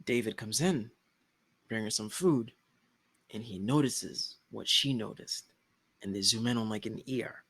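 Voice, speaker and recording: A young man co-hosting a casual TV episode discussion, slangy and animated, often breaking into laughter as he retells scenes. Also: lowish voice, measured pace, husky. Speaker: podcast co-host.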